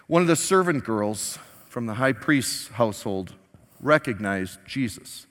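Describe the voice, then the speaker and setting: A male pastor preaching a sermon, telling a story with lively acted-out quotes. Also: medium pitch. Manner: animated storytelling, acting out quoted lines. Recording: long hall reverb.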